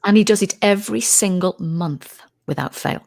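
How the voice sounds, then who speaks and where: A middle-aged woman from the United Kingdom, a UFO researcher appearing as a guest, tells a story in a casual interview. She's animated and acts out quoted voices, speaking at a moderate pace in a gravelly, medium-pitched voice.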